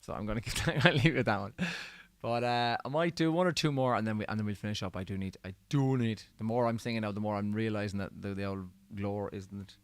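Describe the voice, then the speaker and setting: A man's voice: lowish voice, fast, dry recording. A man, chatting casually with viewers between songs on a livestream, his voice a bit worn from singing. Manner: chatty and easygoing, reading out viewer comments. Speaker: musician hosting a livestream.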